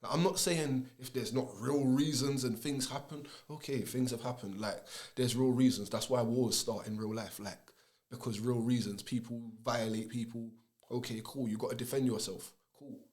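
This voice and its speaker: A man speaks in a casual podcast conversation. He sits at a middle pitch and talks earnestly, working through his point in everyday street slang. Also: fairly even intonation, moderate pace, a little mellow.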